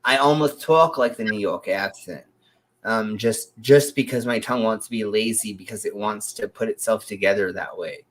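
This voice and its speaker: A man's voice: lowish voice, normal speed. A man from the United States, co-hosting a casual livestream chat and speaking carefully around a split tongue with a slight lisp. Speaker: co-host.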